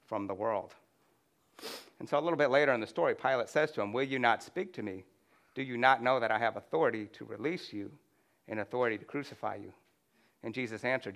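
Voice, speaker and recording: A man's voice: fairly low pitch, fairly bright tone. A man preaching a conversational sermon to a room, reading scripture aloud and often restarting with "you know.". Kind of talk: sermon with slides.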